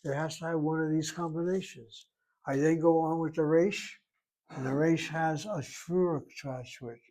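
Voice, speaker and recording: A man's voice: fairly high pitch, fairly even intonation, moderate pace, dark tone. Methodical man teaching a grammar lesson. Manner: methodical, talks himself through each step. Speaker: Hebrew teacher.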